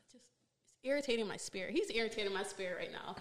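A woman hosting a podcast talks through a personal story in loose, chatty storytelling. She is animated and exasperated, with plenty of fillers, and her voice sits in an ordinary middle pitch. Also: fast talker, slight background noise. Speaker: podcast host. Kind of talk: casual storytelling chat.

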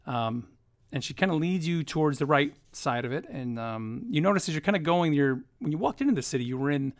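A man's voice: on the high side, expressive, a little fast. Rambling male game master. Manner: rambling, many fillers. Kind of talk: narrating a tabletop game.

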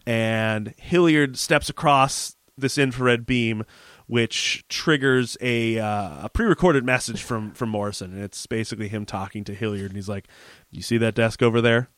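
A man co-hosting a podcast, casually recapping a TV episode in a rapid, animated way, full of "like" and swearing. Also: on the low side, no echo. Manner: rapid, animated retelling with lots of "like" and profanity. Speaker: podcast co-host.

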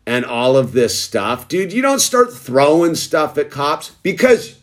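A man's voice: fairly high pitch, big pitch swings, unhurried. A man in a casual monologue rant, lecturing emphatically and calling the listener "dude" over and over. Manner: preachy, repeatedly saying "dude".

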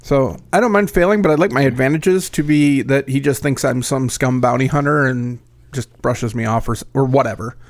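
Male player, mid-pitch, dry close mic, casual and rambling. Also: brisk, few pauses, no echo. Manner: casual, thinks aloud. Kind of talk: casual tabletop play.

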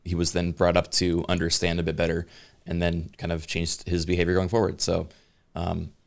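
A man on a podcast talking in a halting, casual way, full of "like" and "you know". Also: sits low, monotone, gravelly. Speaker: podcast co-host. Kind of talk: casual chat.

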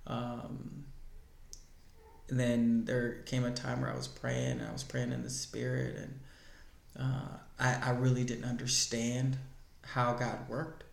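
A man's voice: medium pitch, slow pace, gravelly, reverberant. A man earnestly telling his personal faith story as a guest in a conversation.

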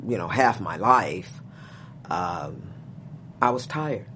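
A woman guest telling stories in conversation, profane and animated, dropping to low murmurs and rising to loud exclaims. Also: slow, slight background noise. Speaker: interview guest. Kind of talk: storytelling in conversation.

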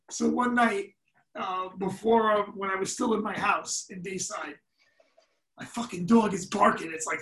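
A man's voice: sits high, distant mic. A man, a podcast guest telling stories in a loose, profane, laughing way. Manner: profane, laughing, animated storyteller. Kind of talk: casual storytelling. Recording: echoey room, set back from the mic.

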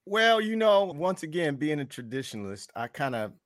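Jokey man with a lively voice. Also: a little high, moderate pace. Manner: jokey, corny dad jokes, playful. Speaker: panel guest. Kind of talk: casual panel chat. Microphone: video call.

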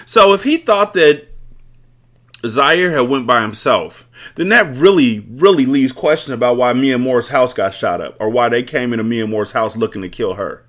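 Reading from a novel on his book club podcast, the host interrupts himself with dry jokes and commentary. He speaks at a normal speed in an expressive, medium-pitched voice with a slight brightness.

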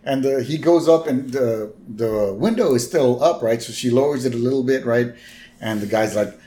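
A man's voice: mid-range voice, moderate pace, warm tone. A man co-hosting a podcast, casually retelling a cartoon episode scene by scene and tossing in quoted lines. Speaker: podcast co-host.

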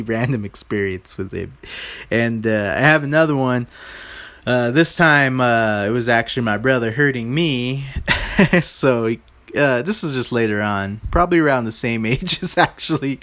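A man's voice: medium pitch, a bit bright. A man hosting his own podcast, telling loose, rambling stories in a casual, informal way and often speaking to his listeners directly. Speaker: podcast host.

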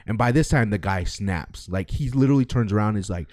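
A young man co-hosting a podcast, telling a story in a casual chat, profane and animated, acting out the quotes. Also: on the low side, quick pace, few pauses, dry recording, studio quality. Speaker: podcast co-host.

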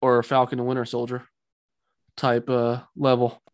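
A man's voice: medium pitch, completely flat delivery, moderate pace, no room sound, studio quality. A man in casual chat as a podcast co-host, opinionated and rambling, mocking what he dislikes.

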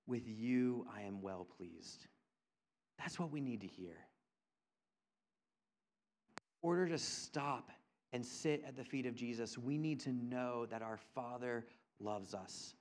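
A man preaching a sermon as a pastor, earnest and repetitive for emphasis, moving between hushed tender lines and loud emphatic ones. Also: medium pitch. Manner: earnest, repeats phrases for emphasis.

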